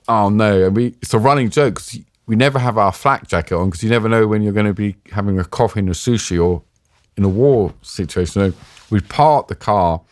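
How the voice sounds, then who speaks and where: Lower-voiced British man telling war stories. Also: dry recording, clean studio sound. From Britain. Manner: lively, self-mocking, acts out quotes. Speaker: interview guest, war journalist. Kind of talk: animated anecdotal storytelling.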